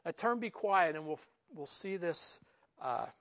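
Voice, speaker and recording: A man's voice: sing-song, a little slow, fairly bright tone. A man preaching a conversational Bible lesson, using informal "you know" asides and rising for emphasis. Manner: rises in pitch and volume for emphasis. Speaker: pastor. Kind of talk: conversational verse-by-verse Bible teaching.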